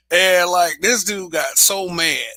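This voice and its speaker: Man, blunt host, profane, laughs often, slightly high voice, very bright tone. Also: no room sound. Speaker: show host. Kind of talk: casual livestream monologue.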